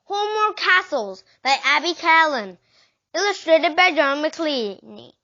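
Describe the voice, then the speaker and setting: High-voiced woman reading a children's book. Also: takes it slowly. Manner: expressive storytelling read-aloud. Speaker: reader. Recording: dull lo-fi recording.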